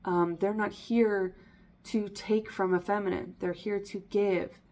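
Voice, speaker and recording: A woman's voice: mid-range voice, level tone, unhurried, a little mellow. Rambling woman giving a tarot reading. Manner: rambling, with frequent ums and likes; self-interrupting, slips and restarts. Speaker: tarot reader. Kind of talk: casual spoken tarot reading.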